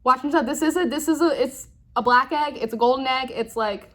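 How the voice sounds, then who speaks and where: A woman's voice: high-pitched, a little fast. A young woman giving a casual, chatty tarot reading, often checking in with "right?" and laughing. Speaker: tarot reader.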